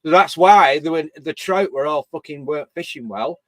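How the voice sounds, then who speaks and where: A man's voice: a little high, normal speed, a bit bright, dry recording. A man, telling a rambling story in a casual live-stream chat and swearing freely. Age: 50s.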